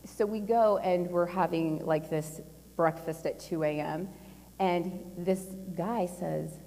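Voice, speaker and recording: A woman's voice: on the low side, measured pace. Chatty woman speaking in an echoing hall. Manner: chatty and animated, laughing often, with lots of fillers. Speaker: conference speaker. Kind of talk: casual personal storytelling talk. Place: large conference hall. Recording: long hall reverb.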